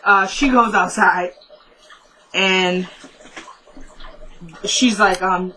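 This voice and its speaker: A young woman casually recapping a TV episode, retelling the scenes in quick quoted dialogue. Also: mid-range voice, fairly even intonation, sharp tone, slight background noise, low-quality recording.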